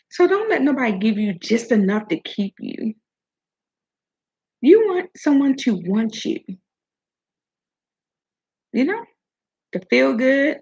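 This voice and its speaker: A woman's voice: fairly high pitch, vocal fry, a little mellow, breathy edge, dull audio. A woman talking casually and preachily about self-worth and love, swearing now and then, with food in her mouth. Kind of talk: casual motivational talk.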